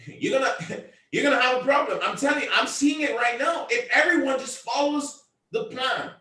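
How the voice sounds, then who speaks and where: High-voiced man giving a loud, repetitive pep talk. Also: normal speed, echoey room, distant mic. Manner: emphatic and repetitive, often raising his voice. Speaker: team leader addressing a convention call.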